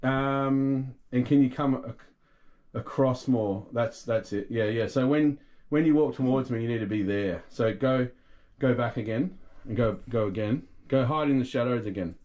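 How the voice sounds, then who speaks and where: A man filming a video who laughs easily and gives halting directions. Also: mid-range voice, phone-quality sound. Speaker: person filming. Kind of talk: casual directing of a video shot.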